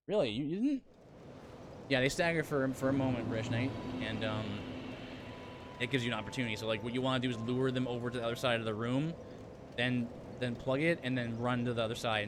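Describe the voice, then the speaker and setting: A man streaming a game live, talking loosely with his chat in a mid-range voice, with lots of ums and quick asides. A clear layer of noise sits behind his voice throughout. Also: medium pitch. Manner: chatty, reads and answers viewer chat, frequent fillers. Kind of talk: casual live-stream chat while playing.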